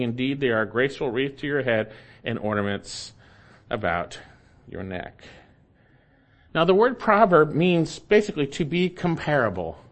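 A man preaching a sermon with a slightly high voice. He reads scripture at a slow pace, then repeats key phrases with emphasis. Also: a bit bright.

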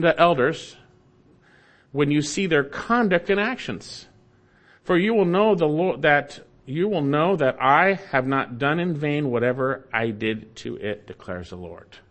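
A man preaching an expository sermon, emphatic and swinging between loud, lifted lines and low, quiet asides. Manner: emphatic, rising and falling with emphasis. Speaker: pastor.

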